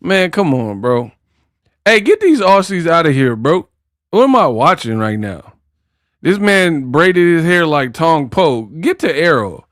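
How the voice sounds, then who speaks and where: Very animated and pitched on the high side, a man hosts casual boxing commentary at a measured pace, full of trash talk, jokes, bursts of song, and put-on accents. There's no echo, just clean studio sound.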